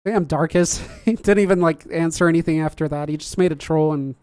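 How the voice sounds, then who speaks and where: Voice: medium pitch, fairly quick, darkish tone, clean tone, no echo, clean studio sound. A podcast host chatting casually on a livestream, reading viewer comments aloud, laughing often and joking about their own slips.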